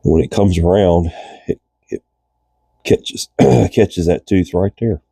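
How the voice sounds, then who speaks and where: A man from the United States hosting a casual fishing reel repair tutorial in a cold garage, folksy and chatty, congested with a cold and often coughing and clearing his throat. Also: deep voice, slow pace, mellow, dry recording. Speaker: reel repair channel host.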